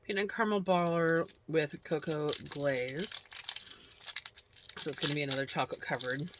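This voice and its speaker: A woman in a relaxed snack taste-test vlog, chatting unhurriedly and murmuring between bites. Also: deep voice, normal speed, heavy background noise. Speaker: snack review vlogger.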